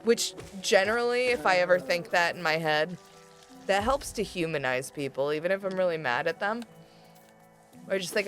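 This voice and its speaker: A woman's voice: fairly low pitch, moderate pace. Lady streamer gaming n chatting w chat, laughs a lot, swears, voice jumps all over, faint music behind. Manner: animated, laughing often, swears freely. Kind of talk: casual gameplay chat with chat.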